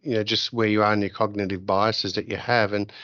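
Brief: male podcast host, low-ish voice, rambling and chatty, dry and slightly dull audio. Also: flat delivery, brisk, fairly bright tone, dry recording. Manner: rambling, chatty, many fillers. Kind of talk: podcast interview.

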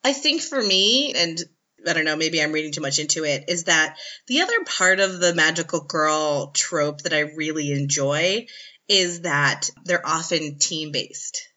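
A chatty woman hosts a podcast interview, her voice bright and a touch low. She laughs often and fills her talk with "like". The audio is dull and lo-fi. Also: animated, measured pace. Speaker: podcast host. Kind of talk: casual interview chat.

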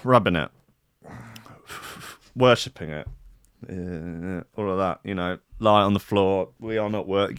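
A man's voice: lowish voice, measured pace, clean tone, no room sound, studio quality. A man telling a long comic story to his listeners, rambling through profane, self-mocking asides.

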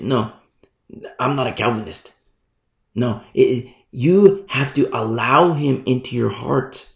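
A man's voice: medium pitch, takes it slowly, creaky. A male pastor preaching a sermon, emphatic and repeating his key phrases. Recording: roomy echo.

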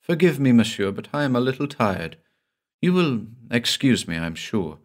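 A man's voice: medium pitch, very animated, moderate pace, pitched above the performer's own voice, natural voice. A man voicing a pale, melancholy young wife, speaking in a subdued, weary, polite way.

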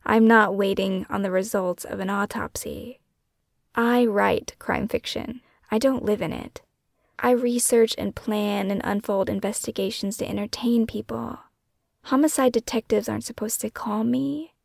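Woman narrating her memoir, very gravelly vocal fry, dry close recording, hushed, slips into whispers. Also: mid-range voice, steady tone, normal speed, dry recording. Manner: hushed, often dropping into a breathy whisper. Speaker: author and podcast host. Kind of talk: scripted first-person memoir narration.

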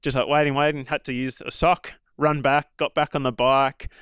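A man's voice: medium pitch, little pitch movement, normal speed, a bit bright, clear, resonant tone, dry recording, studio quality. An Australian man, a former pro cyclist, telling stories in a rambling, casual way full of fillers and asides. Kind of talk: casual storytelling chat.

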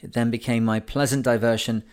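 Casting: a male narrator, clear and resonant, mid-pitched, with calm, measured storytelling delivery. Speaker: audiobook narrator. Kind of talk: audiobook reading of a classic sailing memoir.

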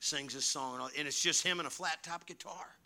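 Male pastor, gravelly and sharp-toned, preaching by storytelling, drops to hushed asides then builds to near-shouts. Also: a little high, normal speed. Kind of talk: sermon.

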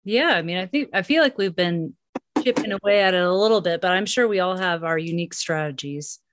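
A woman's voice: lowish voice, lively intonation, a little fast, background noise. A woman co-hosting a casual podcast chat, reflective and rambling, laughing often.

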